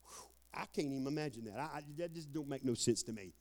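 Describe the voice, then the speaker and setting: A man preaching a lively sermon as pastor, folksy and whooping, with shouted outbursts. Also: mid-range voice, fast talker.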